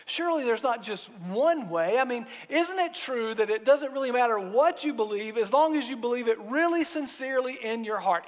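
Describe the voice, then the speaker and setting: Man, pastor preaching, very high voice, animated mock dialogue, long hall reverb. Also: normal speed, hardly any pauses. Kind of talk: sermon.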